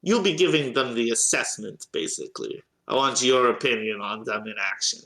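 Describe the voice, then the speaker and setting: A man voicing a calm leader who gives orders in a measured, matter-of-fact way. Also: mid-range voice, roomy sound. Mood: instructing.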